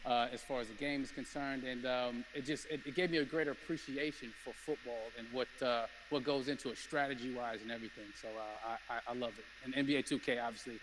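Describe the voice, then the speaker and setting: Male interview guest, excited, halting speech, noisy stream audio. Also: mid-range voice. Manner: excited, halting, stumbling over words. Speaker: guest actor at an in-game event. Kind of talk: casual live interview.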